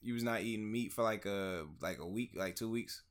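Low-voiced young man in casual banter. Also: a little fast. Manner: relaxed, profane banter. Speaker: podcast co-host. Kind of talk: casual podcast chat.

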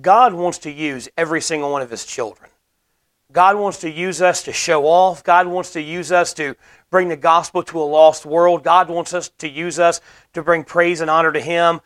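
A man delivers a sermon with earnest conviction, his voice sitting somewhat high for a man. He explains scripture plainly and drives points home by repeating them. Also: steady tone, moderate pace, fairly bright tone. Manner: earnest, explanatory preaching with emphatic repetition. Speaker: preacher.

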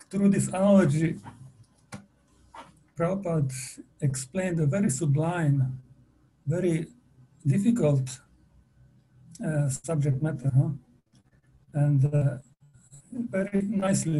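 Slow, husky man telling a devotional story. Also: fairly high pitch, low-quality recording. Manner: halting, many pauses and fillers, laughs softly.

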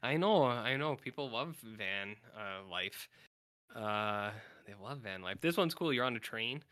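A man's voice: mid-range voice, animated, a little slow, bright, forceful tone, clean tone, dry recording. A man from Canada co-hosting a podcast in casual, rambling chat, full of "like" and filler. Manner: rambling, filler-heavy, acts out silly voices. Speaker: podcast co-host.

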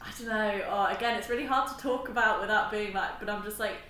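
A woman's voice: mid-range voice, fast talker, fairly bright tone, roomy sound, a little hiss or hum. A woman co-hosting a podcast at home, chatting casually, laughing often and mimicking other voices. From Britain. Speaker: podcast co-host. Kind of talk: casual chat. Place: home living room.

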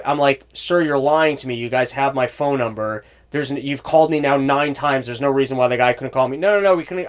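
Man, high voice, exasperated profane storyteller in casual talk, plays both parties of a call. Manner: profane, exasperated ranting, acts out both sides of calls. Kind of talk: casual chat.

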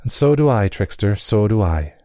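A man's voice: fairly low pitch, expressive, moderate pace, mellow, no echo, studio quality, lightly acted. A man voicing an ancient, fierce female fairy who speaks sternly and commandingly.

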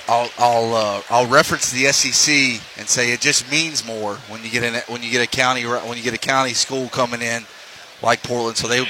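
Commentator, man, mid pitch, chatty broadcaster, clear gym noise and bouncing balls behind. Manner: chatty, introduces starting lineups. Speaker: color commentator. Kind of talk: high school basketball broadcast chat. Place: high school gymnasium.

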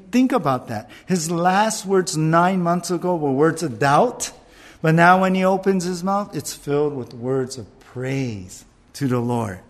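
A man, a pastor, preaching a sermon in an animated storytelling way, with jokes and acted-out bits. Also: a little high.

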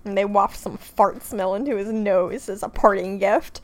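A woman with a mid-pitched voice co-hosts a casual podcast. She jokes constantly and giggles as she talks. Her banter is quick and playful. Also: fairly even intonation. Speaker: podcast co-host. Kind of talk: casual recap chat.

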